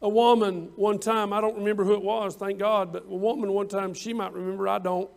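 A high-voiced man preaching a sermon. He leans hard on his words, slowing down and swelling in volume whenever he quotes scripture. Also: little pitch movement, gravelly. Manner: preaching with drawn-out emphatic lines, rising louder on scripture quotes. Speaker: pastor.

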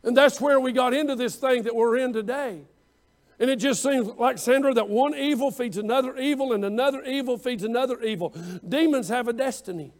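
A man preaching a fervent sermon, calling out to his congregation and pressing his points with emphasis. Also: very high voice.

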